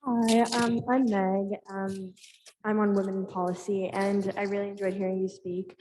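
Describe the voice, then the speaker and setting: A young woman in the audience posing a question, hesitant and filler-heavy. Her delivery stays flat and even in pitch. Long hall reverb and faint background noise surround her voice. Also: moderate pace. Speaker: student asking a question.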